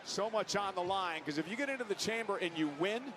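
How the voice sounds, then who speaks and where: High, lively male wrestling commentator. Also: brisk. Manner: excited, calls moves as they happen. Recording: TV broadcast audio with loud background noise.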